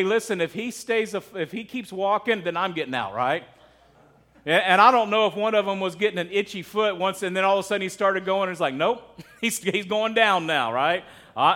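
A man's voice: high voice, fairly bright tone. A middle-aged man preaching as pastor, conversational and often asking his congregation questions. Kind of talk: sermon.

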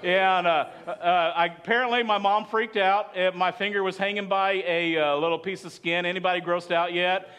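A man's voice: high-pitched, steady tone, normal speed, few pauses, sharp tone, clean tone. A man preaching a sermon as pastor, chatty and asking the congregation questions. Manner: conversational, asks the congregation questions.

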